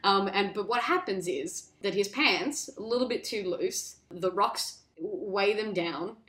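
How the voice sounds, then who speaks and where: Podcast lady retelling a movie, rambly, lots of likes and restarts, mid pitch, echoey room. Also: a little slow, a bit bright. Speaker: podcast co-host. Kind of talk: casual chat retelling a film plot.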